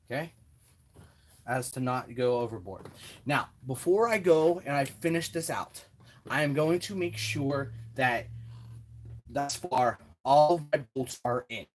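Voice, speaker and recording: At his home workbench, an RC hobby tutorial host leads a hands-on build, chatting casually and talking himself through every step with self-deprecating asides. His voice is mid-range and unhurried.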